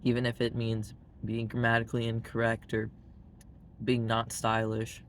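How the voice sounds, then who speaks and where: A man with a Southern US drawl, talking bluntly and plainly as he rambles to the camera. His pitch stays level and even from start to finish. A faint hiss of noise sits under his voice. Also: normal speed. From Arkansas, US. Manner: blunt and frank, heavy use of "like" fillers. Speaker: vlogger. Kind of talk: casual monologue to camera.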